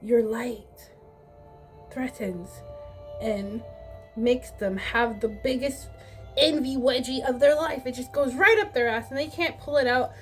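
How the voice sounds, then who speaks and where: A woman's voice: high-pitched, unhurried, soft background music. A woman giving a casual tarot reading in a blunt, sassy, profane way. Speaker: tarot reader.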